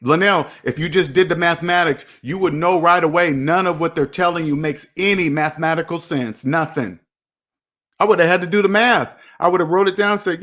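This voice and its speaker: A man's voice: on the high side, a little fast, a bit bright. Preachy man lecturing himself on money. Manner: preachy, repeats himself, talks to himself by name. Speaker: personal finance video host. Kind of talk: motivational monologue to camera.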